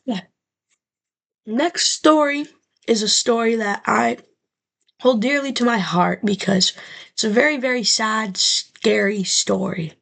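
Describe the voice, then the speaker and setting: A woman's voice: a little high, unhurried, gravelly, pauses often, fairly bright tone. A young woman vlogger telling a rambling, profane story straight to her camera, full of fillers.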